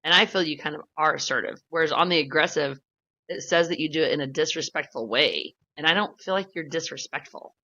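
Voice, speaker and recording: A talkative woman co-host in easygoing podcast chat. Her voice sits a little low yet sounds bright and forward, and she laughs easily. The recording is somewhat muffled and lo-fi. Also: fairly quick. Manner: chatty, laughs often, retells stories with quoted voices. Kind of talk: casual chat.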